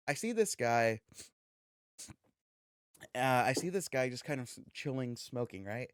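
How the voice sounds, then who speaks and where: A man co-hosting a podcast, telling a story in a loose, animated way, swearing freely and acting out the dialogue. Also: mid-range voice, takes it slowly, smooth, no room sound, clean studio sound. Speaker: podcast co-host. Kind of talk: casual storytelling chat.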